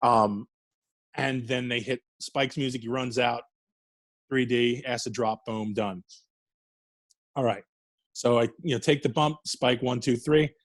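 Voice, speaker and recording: This middle-aged wrestler from New York speaks at medium pitch with fairly even intonation, unhurried and pausing often. The recording is dry. In a casual interview he swears, laughs, and rambles through wrestling stories.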